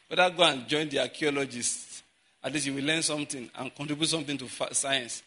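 A male pastor with a bright, ringing voice, preaching and telling his congregation a lively personal story. He keeps checking that they follow him and tosses them rhetorical questions. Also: medium pitch, brisk, breathy edge.

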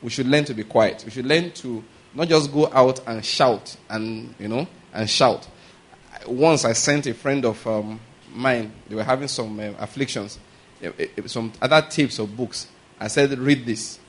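A man preaching a conversational sermon, often pausing to ask whether listeners are following and chuckling through anecdotes. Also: mid-range voice. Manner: checks in with "are you getting my point?" and "all right?".

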